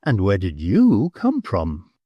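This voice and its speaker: A man's voice: lowish voice, wildly swooping pitch, slow, breathy edge, no room sound, dull audio, heavily acted. A man voicing a big, blunt American gambler with an abrupt, muttering manner, in an audiobook. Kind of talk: audiobook character voice.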